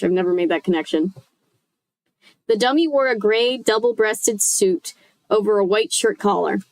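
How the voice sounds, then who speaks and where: A woman's voice: medium pitch, dry recording. A woman reading a children's horror book aloud casually, with chatty joking asides.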